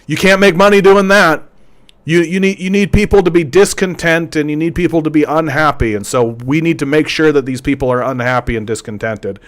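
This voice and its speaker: A man's voice: fairly high pitch, a little fast. A man hosting a political commentary show, ranting sarcastically and stumbling over repeated words. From Canada.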